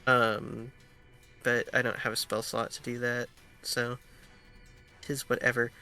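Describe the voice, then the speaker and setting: Easygoing male tabletop player, bright and hesitant. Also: medium pitch, monotone, measured pace, smooth, soft background music. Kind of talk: tabletop game chat.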